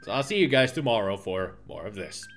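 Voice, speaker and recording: Lively, wry man streaming a game. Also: fairly low pitch, fairly quick, gravelly, soft background music. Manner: wry, joking asides to viewers. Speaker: let's play streamer. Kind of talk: casual gameplay commentary.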